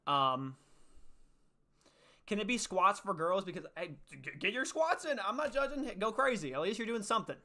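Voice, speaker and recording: A young man hosts a casual faith livestream, upbeat and chatty, reading viewers' chat and answering it. He's out of breath after doing push-ups, and his high voice has a sing-song lilt, moving at normal speed with a pushed, bright sound.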